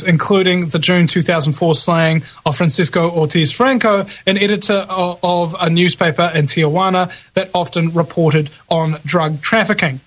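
A man with a fairly high voice hosts a talk radio show. He reads out news items in a casual way and keeps wandering off into loose asides full of fillers. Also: a bit bright.

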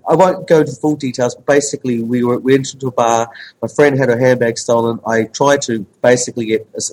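Casting: a husky, quick-speaking man, a journalist, animated storyteller. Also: mid-range voice, poor audio. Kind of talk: casual chat.

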